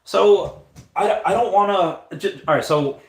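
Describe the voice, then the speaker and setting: A man's voice: high-pitched, a little slow. A man in his thirties hosting a livestream, chatting casually and reading out viewer comments, often hesitating and restarting his sentences. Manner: hesitant, restarts often, reads chat aloud. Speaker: livestream host. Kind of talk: rambling casual livestream chat. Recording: echoey room.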